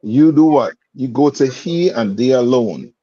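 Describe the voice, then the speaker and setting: A man's voice: medium pitch, animated, measured pace, warm tone. A man teaching a scripture class in plain street talk, quizzing his student with repeated "you understand?" checks. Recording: dull lo-fi sound.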